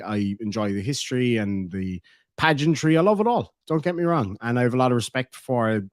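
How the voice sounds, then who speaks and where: A man's voice: on the low side, darkish tone, no echo, studio quality. An Irish man hosting a casual livestream, reading viewer comments aloud in a blunt, sweary way, with plenty of filler words. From Ireland. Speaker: livestream host.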